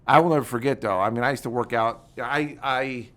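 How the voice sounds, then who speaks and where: Fast-talking, energetic middle-aged man. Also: mid-range voice. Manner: energetic, animated storytelling that acts out quoted conversations. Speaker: guest, military veteran and former congressman. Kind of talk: casual interview storytelling.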